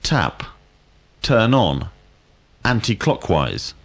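A man leads a scripted drill. His questions come slowly and deliberately, with a lively rise and fall of pitch. His voice sits a little low. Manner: slow, deliberate, clearly enunciated questions. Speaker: language teacher.

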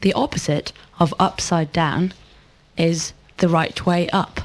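A woman answers drill questions in careful, complete sentences. Her delivery is measured, and her voice sits slightly low for a woman. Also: fairly even intonation. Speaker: model student.

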